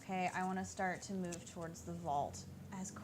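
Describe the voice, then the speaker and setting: A woman's voice: lowish voice, fairly even intonation, normal speed, noisy background. A woman playing a tabletop role-playing game, talking casually and tensely about her character's moves. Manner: chatty, tense in-game reactions. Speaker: player.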